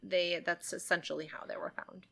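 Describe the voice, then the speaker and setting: A young woman co-hosting a casual podcast, an animated storyteller who acts out scenes. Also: fairly low pitch, normal speed, gravelly, in a whisper. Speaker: podcast co-host telling the case.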